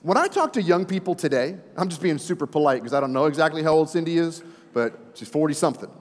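A man's voice: on the high side, quick pace. A man in his forties, a pastor preaching a sermon, telling stories with chatty asides to the congregation. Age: 40s. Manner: animated storyteller, folksy asides to the congregation. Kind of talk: sermon with storytelling. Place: church sanctuary. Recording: reverberant church hall.

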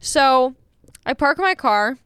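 Animated young woman telling a story. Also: high-pitched, slow, clean tone, no room sound, clean studio sound. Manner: animated, swears freely, acts out quoted people. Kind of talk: casual storytime chat.

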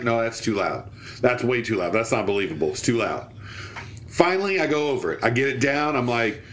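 Man telling an animated stand-up story. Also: mid-range voice, fairly quick. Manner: animated, acts out quoted voices. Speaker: podcast co-host.

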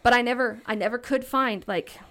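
A woman in her thirties telling stories as a podcast guest, animated and often laughing, acting out the voices of the people in them. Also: on the high side, a little fast. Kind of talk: casual storytelling. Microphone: podcast studio mic.

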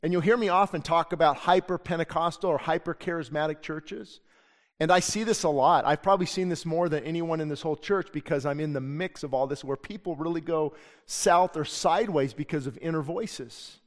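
A man's voice: on the high side, a little fast. A middle-aged man preaching a sermon as pastor in a church, earnest and conversational, telling stories from his own life. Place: church sanctuary. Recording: long church hall reverb.

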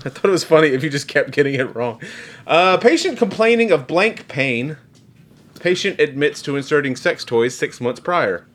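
A man's voice: on the high side, expressive, normal speed, a bit bright. A man co-hosting a podcast and reading out quiz clues in casual banter, defensive and exasperated when challenged. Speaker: podcast co-host running a quiz game.

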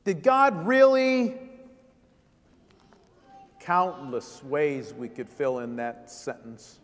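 A man's voice: fairly high pitch, drawn-out words, big-room sound. A man preaching a sermon as vicar, driving points home with repeated rhetorical questions.

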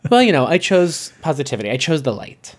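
A man's voice: fairly high pitch, very animated, fast talker. A man co-hosting a podcast in casual recap chat, wry and teasing. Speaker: podcast co-host.

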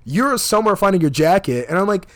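A man's voice: high-pitched, quick pace. A young man telling a wild night-out story in casual chat. He swears constantly and acts out what everyone said. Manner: profane, animated, acts out quotes.

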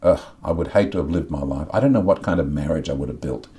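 As a podcast guest, a middle-aged man speaks candidly and earnestly about faith and his inner life, often repeating words while searching for the right ones. His voice is very deep and warm, with a quick pace.

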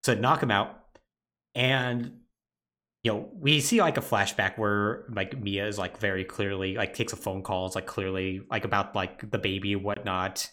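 A man co-hosting a casual podcast, retelling a game's plot in an animated way with lots of "like" fillers. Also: lowish voice, normal speed. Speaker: podcast co-host.

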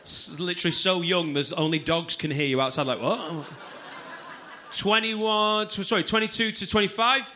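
Guy in his 30s doing stand-up crowd work, high bright voice, cheeky and sweary, faint club noise behind. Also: moderate pace. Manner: loud, cheeky, swearing banter. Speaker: stand-up comedian. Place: comedy club stage before a crowd.

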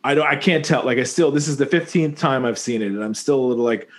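A jokey co-host rambles through a relaxed film chat, circling back and correcting himself as he goes. His voice sits in an ordinary middle pitch for a man, easygoing and unforced. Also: quick pace. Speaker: podcast co-host. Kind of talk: casual movie-review chat.

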